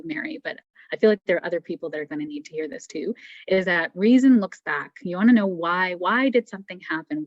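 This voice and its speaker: A lower-voiced woman speaks gently and encouragingly, offering intuitive readings in an unhurried, conversational way. Her voice comes through dry and slightly muffled, like a lo-fi video call. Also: no room sound. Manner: gentle, encouraging, thinks aloud with fillers. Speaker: psychic medium guest.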